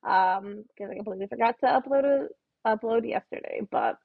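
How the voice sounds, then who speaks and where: A woman rants into a close mic, her voice husky and a little high. She tells her story bluntly and swears freely, and the dry, dull recording has a lo-fi feel. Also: a little fast, no echo. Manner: profane, blunt, storytelling rant. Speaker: podcast host. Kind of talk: casual ranting monologue.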